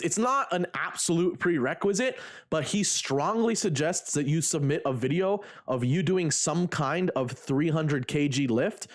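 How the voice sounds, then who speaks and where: A man's voice: on the high side, expressive, measured pace. Rambling, profane streamer guy. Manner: rambling, profane, lots of fillers. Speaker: livestreamer and lifter. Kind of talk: casual livestream chat.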